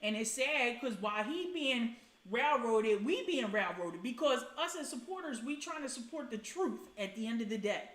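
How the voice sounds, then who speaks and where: A woman's voice: a little high, expressive, normal speed, a bit bright, echoey room. Profane, blunt woman hosting a livestream. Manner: blunt, profane, chatty, greets viewers by name. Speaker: livestream host. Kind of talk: casual live-stream commentary.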